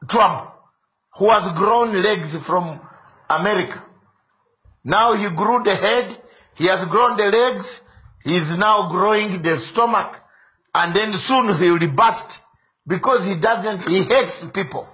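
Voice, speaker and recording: A man's voice: high-pitched, a little slow, pushed and bright. A man hosting an online show, giving a fiery political commentary monologue full of repeated rhetorical questions.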